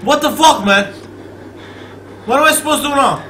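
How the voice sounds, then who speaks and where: Guy with a really high sharp voice cussing thru a horror game, super worked up. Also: normal speed, echoey room, a little hiss or hum, poor audio. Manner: excitable, swearing, talking back at the game. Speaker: gamer playing a horror game. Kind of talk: profane let's play commentary.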